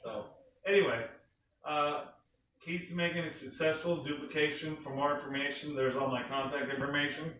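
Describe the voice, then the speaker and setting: Energetic man presenting in an echoey room. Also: fairly high pitch, moderate pace. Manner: energetic, enthusiastic, talks to the room with questions. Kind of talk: sales presentation to a small group. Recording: echoey room from a distant mic with faint noise.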